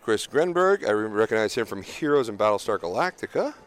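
A man's voice: on the low side, sing-song, a little fast. A man co-hosting a casual talk show, rambling with many fillers as he lists names. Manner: rambling, hesitant, lots of fillers. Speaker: podcast co-host. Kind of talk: casual chat.

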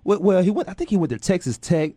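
A man's voice: high voice, expressive, fast talker, mellow, no room sound. A man hosting a casual sports talk radio show, playful and loose with slangy banter.

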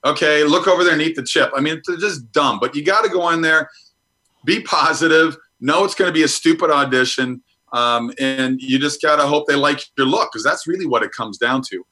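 A man's voice: on the high side, moderate pace, bright, forceful tone, rough recording. A middle-aged man from Minnesota, a guest actor talking frankly about his career in a casual interview.

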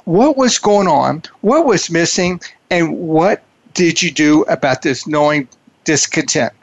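A man hosting a radio talk show, with an effusive manner and slow, emphatic phrasing. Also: on the high side, animated. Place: studio in a large city.

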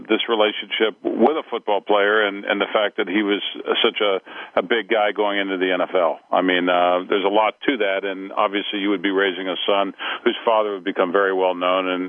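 Low-voiced man asking rambling questions. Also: flat delivery, moderate pace, creaky, no room sound. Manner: long, rambling questions with many fillers. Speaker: interviewer. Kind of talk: conversational interview. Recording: dry, phone-like sound.

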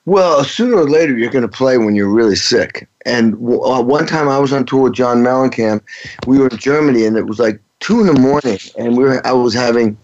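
Brief: middle-aged male drummer guest, rambling anecdotal delivery, mid pitch, dull lo-fi audio. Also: fairly quick, a little mellow. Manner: rambling, anecdotal, frequent restarts. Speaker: touring rock drummer, guest. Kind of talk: casual interview storytelling. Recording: dull lo-fi sound.

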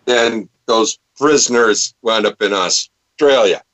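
An American man hosting a casual chat, joking and interjecting with halting restarts. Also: lowish voice, fairly bright tone, rough recording. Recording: dry close sound.

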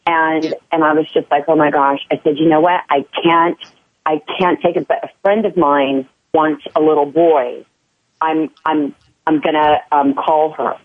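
A woman's voice: low voice, fairly even intonation, moderate pace. A woman guest in a casual chat who talks candidly and often restarts her sentences. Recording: tinny phone line.

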